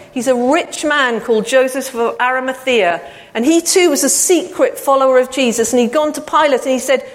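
Woman preaching in a reverberant hall. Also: high-pitched. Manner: storytelling with slow emphatic quotes. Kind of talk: sermon storytelling.

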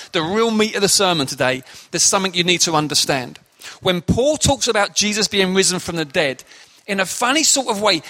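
A man's voice: sits high, sharp tone. A man preaching a sermon, explaining scripture emphatically and addressing the congregation directly.

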